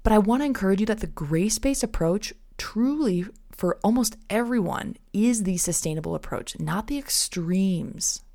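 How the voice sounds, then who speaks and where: On her faith-based nutrition podcast, this thirties host treats her audience as friends and voices small inner thoughts in playful asides. She sounds warm and lively at medium pitch, moving at a moderate pace with few pauses.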